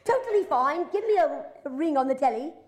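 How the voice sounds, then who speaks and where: A cheeky young caller with a Cockney accent , as a woman puts it on, chirpy and brash on the phone. The voice sits high and loud, and it sounds a bit far from the mic. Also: animated, a little fast. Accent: put-on Cockney.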